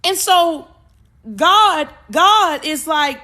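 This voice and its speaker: A woman podcast host, talking about spiritual energy in an animated way, repeating words and acting out voices. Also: on the high side, moderate pace. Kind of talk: spiritual talk monologue.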